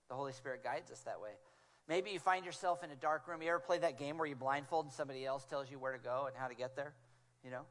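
A man delivers a sermon in a fairly high voice. He tells stories animatedly and slips into hushed, quiet tones when he quotes others. He speaks into a small clip-on mic. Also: fast talker. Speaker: guest preacher.

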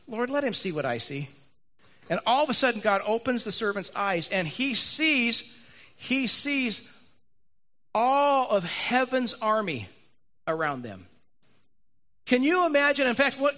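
A man preaching a sermon to a room and an online audience, animated, acting out Bible characters and repeating lines for emphasis. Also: extremely high pitch. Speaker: pastor. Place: church hall with live audience and online stream.

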